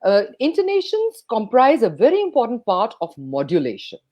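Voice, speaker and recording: A woman from India, a speech coach and radio jockey giving an interview, talking expressively and playing up pitch and pauses. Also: huge pitch swings, dark tone, highs cut off. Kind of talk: enthusiastic interview talk.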